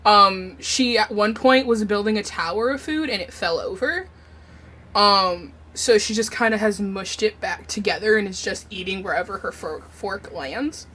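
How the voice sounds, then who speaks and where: A woman's voice: medium pitch, moderate pace, a bit bright, a little hiss or hum. A woman on a video call, playing in an online tabletop game, who describes her character in an easygoing way with lots of fillers. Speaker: player. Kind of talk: casual online tabletop role-play.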